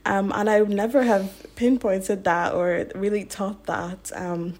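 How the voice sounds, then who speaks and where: A young woman from Nigeria who grew up in Ireland, with a soft Irish accent tinged with British, chatting reflectively on a podcast with many ums. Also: medium pitch, steady tone, a little slow. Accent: Irish, mixed with some British. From Nigeria, raised in Ireland. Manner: reflective, with frequent ums and restarts. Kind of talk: casual podcast chat.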